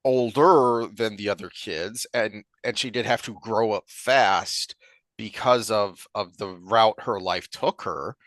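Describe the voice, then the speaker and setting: A man co-hosting a podcast, talking in a rambling, animated way with frequent restarts. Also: fairly low pitch, slow pace, dry recording. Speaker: podcast co-host. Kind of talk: casual chat.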